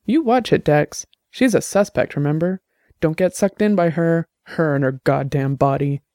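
Guy doing a barbed jealous woman in a storybook, smooth, kinda high. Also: moderate pace, a little mellow, no room sound, studio quality, lightly acted. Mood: sharp. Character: woman, sharp-tongued, jealous partner.

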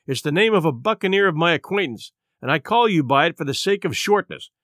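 A man's voice: a little high, lively intonation, fast talker, a bit bright, no room sound, clean studio sound. A man reading a stern, lecturing doctor. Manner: firm, scolding. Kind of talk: audiobook character reading.

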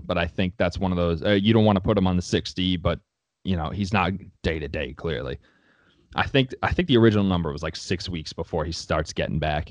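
Blunt, low-voiced man talking sports. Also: dry recording, highs cut off. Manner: blunt and opinionated, swears freely. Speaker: sports podcast co-host. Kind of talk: casual sports chat.

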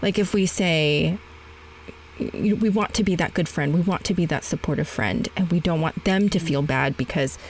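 Lively woman in her forties, low-pitched. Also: normal speed, a little hiss or hum, poor audio. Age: 40s. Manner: animated storytelling, acts out past dialogue. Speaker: podcast host. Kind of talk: conversational interview.

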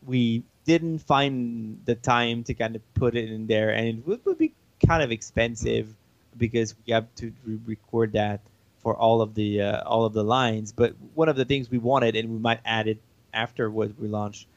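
A man's voice: mid-range voice, dry recording, lo-fi sound. French-native man, dry close sound. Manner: halting, explanatory, chuckles often. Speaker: game developer. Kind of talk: casual interview.

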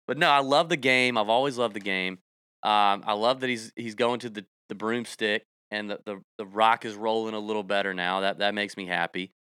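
A man's voice: medium pitch, steady tone, fairly quick, bright, forceful tone, smooth, no room sound, clean studio sound. A man hosting a golf betting podcast, rambling through announcements and joking with his co-host. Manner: rambling, jokey, salesy announcements. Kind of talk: casual podcast chat.

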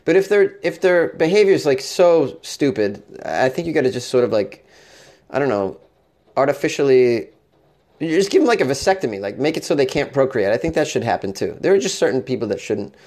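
A man's voice: medium pitch, sing-song, fairly quick, darkish tone. A man hosting a comedic talk show, reading odd news stories aloud and joking with frequent laughs and stammered restarts. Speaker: host.

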